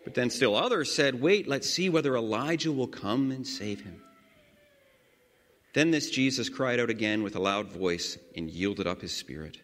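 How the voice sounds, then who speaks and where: A man leading a guided scripture meditation, reading slowly and earnestly with sudden swells of emphasis. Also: mid-range voice, lively intonation, fairly bright tone. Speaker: prayer leader. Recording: long hall reverb.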